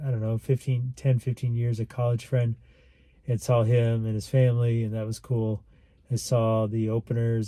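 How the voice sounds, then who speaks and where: A man's voice: medium pitch, dark tone, no room sound. A man telling a personal story to camera in a casual, rambling, earnest way, acting out what others said. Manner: rambling, earnest, acts out quoted lines. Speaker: vlogger.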